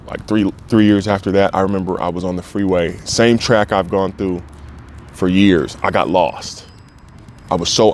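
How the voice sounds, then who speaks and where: A man's voice: low voice, a little mellow, a little hiss or hum. A man in his thirties, a former football player, speaking openly and emotionally in an interview, swearing freely. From United States. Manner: frank and emotional, swears freely, acts out quoted voices. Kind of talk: candid interview.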